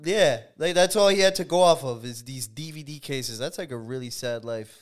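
A man's voice: medium pitch, moderate pace. A young man co-hosting a podcast, chatting casually and joking with mock indignation. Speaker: podcast co-host. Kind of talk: casual chat.

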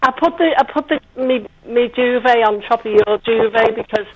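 A woman's voice: a little high, normal speed, lo-fi sound, slight background noise. A woman in her sixties on the phone with her son's radio show, chatty and giggly. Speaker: caller's mother on the phone. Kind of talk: casual phone chat.

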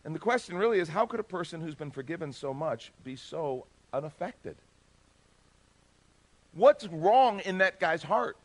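A male pastor preaching a sermon, emphatic and animated, swinging between loud bursts and hushed asides. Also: fairly high pitch, normal speed.

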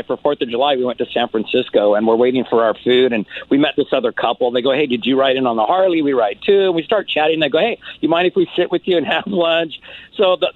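A man who does stand-up comedy, telling an animated story and acting out his own lines in a higher voice. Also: no echo. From California. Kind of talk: podcast guest storytelling. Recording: tinny phone-like line.

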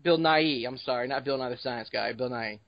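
A man's voice: mid-range voice, flat delivery, fairly quick, gravelly, no echo, highs cut off. A man hosting a casual podcast. He jokes and talks informally as he leads the discussion. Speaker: podcast host.

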